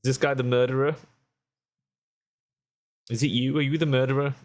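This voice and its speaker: A man's voice: mid-range voice, fairly even intonation, normal speed, darkish tone. A man streaming a video game, making offhand, muttering asides. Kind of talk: casual gameplay commentary.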